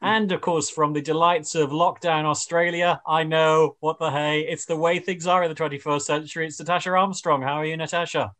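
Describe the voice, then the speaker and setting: A man's voice: fairly high pitch, fairly even intonation, a little fast, few pauses, fairly bright tone. A man hosting a radio panel chat in a rambling way, with many fillers and restarts. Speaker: radio show host.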